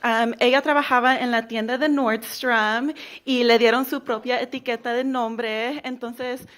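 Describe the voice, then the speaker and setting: A woman interpreting a speech live, brisk and a little unsure, with ums. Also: on the high side, steady tone, a bit bright, clean tone.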